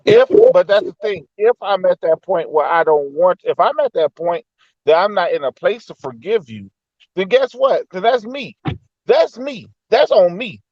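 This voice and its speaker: A man in a casual talk, thinking out loud and telling personal stories to make his point. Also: high voice, expressive, normal speed, no room sound, muffled recording. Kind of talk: casual debate.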